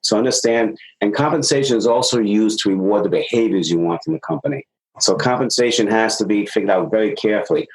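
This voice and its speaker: A middle-aged sales consultant, interviewed on a podcast, keeps up a quick pace in a lowish voice. He explains things with energy and dramatizes quoted dialogue, though the recording quality is low.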